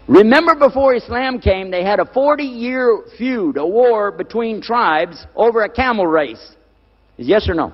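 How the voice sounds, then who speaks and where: A man's voice: sits high, lively intonation, unhurried. A man giving a religious lecture to a live audience, firing rhetorical questions at them and repeating key words for emphasis. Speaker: lecturer on Islam. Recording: dull lo-fi recording in a reverberant hall.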